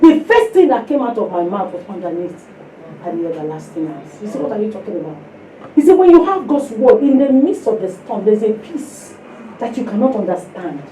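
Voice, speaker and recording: A woman's voice: medium pitch, very animated, brisk, warm tone. A Nigerian woman preaching a sermon at a women's fellowship. She tells stories with sound effects, drops in Yoruba phrases and exhorts the listeners directly. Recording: echoey room, distant mic, faint noise.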